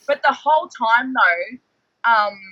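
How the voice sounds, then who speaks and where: A man, a guest telling animated stories in casual chat, heavy on the word "like". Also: very high voice, takes it slowly, no room sound, muffled recording. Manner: excitable, animated storyteller, fillers like "like". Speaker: guest, former reality show contestant.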